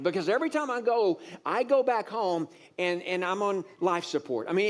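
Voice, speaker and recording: A man preaching a sermon, telling a personal story with many fillers and repeated words, growing animated and exasperated with rising emphasis. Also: high-pitched, moderate pace, hardly any pauses. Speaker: pastor.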